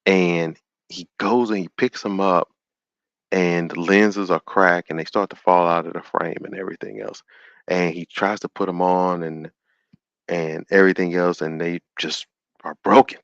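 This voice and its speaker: A man hosting a call-in show, retelling a story in an animated, sermon-like way and acting out the quotes. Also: deep voice, normal speed, dry recording, muffled recording.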